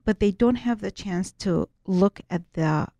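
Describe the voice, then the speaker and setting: A woman's voice: mid-range voice, unhurried, mellow, no room sound, muffled recording. A woman being interviewed as a guest, explaining her teachings earnestly and often restarting her sentences. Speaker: guest, writer and spiritual workshop teacher.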